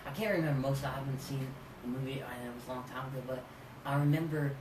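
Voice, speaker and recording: Male podcast guest, rambling halting storyteller, distant mic in a roomy space. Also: mid-range voice, fairly even intonation. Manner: rambling, halting, many fillers. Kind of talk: casual comedic storytelling. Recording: echoey room, far from mic, background noise.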